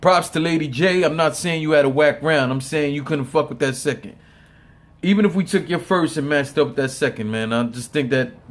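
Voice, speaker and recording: A man with a voice pitched a touch above the usual talks through a battle rap in a loose, profane, off-the-cuff way. He stumbles over repeated words and laughs often as he gives his opinion. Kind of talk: casual opinion commentary.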